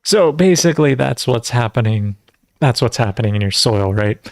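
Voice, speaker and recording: Guy rambling thru a live q&a lesson, um-heavy, chatty, dry sound, average pitch. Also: lively intonation, moderate pace, no room sound, soft background music. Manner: rambling, filler-heavy, conversational. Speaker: natural farming teacher hosting live Q&A. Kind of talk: casual livestream teaching.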